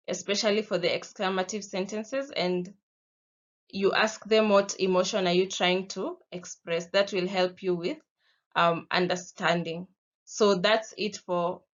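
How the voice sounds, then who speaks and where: A woman with a Kenyan accent teaches a lesson at an unhurried, deliberate pace, pausing to pose questions and give examples. Her voice sits in a middle pitch, and the recording sounds somewhat dull and lo-fi. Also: fairly bright tone. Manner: slow, patient, explaining with spoken examples.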